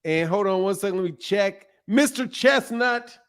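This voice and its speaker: A male stream host with a slightly high voice, thanking viewers and needling his caller in a playful, mock-formal way. He stretches words out and calls people "sir" over and over. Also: normal speed, clear, resonant tone. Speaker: show host. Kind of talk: live-stream call-in chat.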